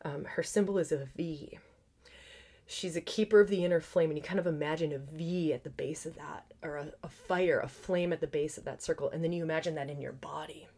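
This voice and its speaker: A woman hosting an astrology forecast, talking fast and excitedly, laughing often and dropping into soft whispers. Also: low voice. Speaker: astrologer and podcast host.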